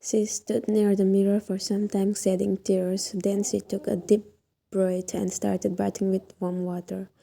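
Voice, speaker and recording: A woman narrating a second-person fan fiction story, reading slowly and softly and sometimes dropping to a whisper. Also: mid-range voice, level tone, gravelly. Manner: slow, soft, at times whispered.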